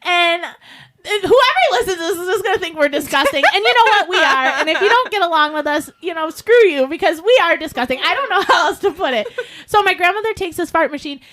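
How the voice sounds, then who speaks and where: Woman, podcast co-host, casual storytelling, high voice, animated, laughs a lot, says "like" often. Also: brisk. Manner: animated, laughs often while telling stories; frequent filler "like".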